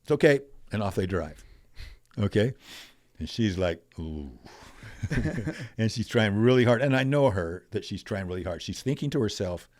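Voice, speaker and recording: An older man telling stories as a podcast guest, animated, acting out quoted voices. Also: sits low, dry recording. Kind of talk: storytelling in a conversational interview.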